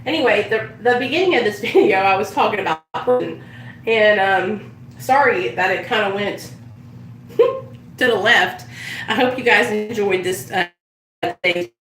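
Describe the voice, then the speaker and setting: A woman's voice: medium pitch, unhurried, a bit bright, echoey room, recorded from a distance, a little hiss or hum, poor audio. A woman chatting casually on a live stream, telling stories and swearing freely as she does her makeup. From United States. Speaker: vlogger.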